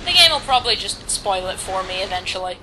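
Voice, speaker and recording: Talking quickly with lively intonation, a woman in a mid-range voice plays and casually narrates a video game as a let's-play commentator. She rambles, jokes at her own expense and reads the on-screen text aloud over background noise.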